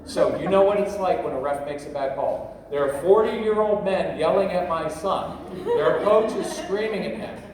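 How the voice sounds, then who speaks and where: A man's voice: high voice, normal speed, a crowd in the background. Joking middle-aged man in an echoey hall. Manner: joking, rambling, talks straight to the audience. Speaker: parenting workshop speaker. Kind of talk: humorous workshop talk. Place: large convention hall. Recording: echoey hall, voice from a distance, faint noise.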